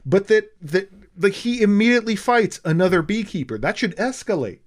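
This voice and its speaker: Lively man rambling about a movie. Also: high-pitched, a little fast. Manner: rambling, acts out quotes from scenes. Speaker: podcast co-host. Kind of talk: casual movie review chat.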